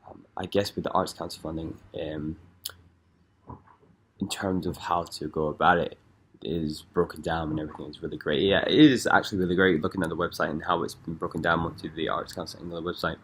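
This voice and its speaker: Young male vlogger from Scotland, very low pitch, hesitant and rambling delivery. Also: fairly even intonation, brisk, fairly bright tone, slight background noise. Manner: rambling, hesitant, many fillers. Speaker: dance artist vlogger. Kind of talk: casual vlog. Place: London.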